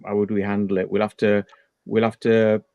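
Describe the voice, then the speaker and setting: A man's voice: on the low side, flat delivery, moderate pace, warm tone, no echo. A man hosting a casual chat, rambling with repeated words and restarts. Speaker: channel host.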